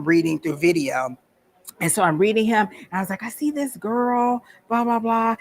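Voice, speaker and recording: At a psychic fair, a woman addresses a workshop audience in a chatty, informal way, pausing to invite questions from the room. Her voice is fairly low in pitch and a bit bright.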